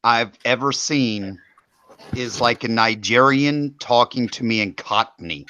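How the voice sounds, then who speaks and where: Man guest: slow, halting, bright tone, dull lo-fi sound. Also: mid-range voice, clear, resonant tone. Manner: halting, with restarts. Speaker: podcast guest. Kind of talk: casual political chat. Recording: dull lo-fi audio.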